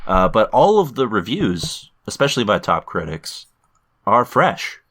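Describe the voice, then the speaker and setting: A man hosting a podcast in casual chat, halting with many ums and restarts. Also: fairly low pitch, big pitch swings, a bit bright, slightly rough. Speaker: podcast host.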